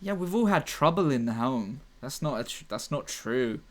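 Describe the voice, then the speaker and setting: Playful streamer-comedian, mock-defensive, stumbling banter. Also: male voice, medium pitch, expressive, normal speed. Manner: playful, mock-defensive, rambling with self-interruptions. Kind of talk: improvised comedy livestream.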